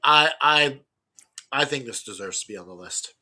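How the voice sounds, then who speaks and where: A man's voice: mid-range voice, expressive, normal speed, bright, forceful tone. A man co-hosting a casual podcast chat, enthusiastic and restarting his sentences loosely. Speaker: podcast co-host.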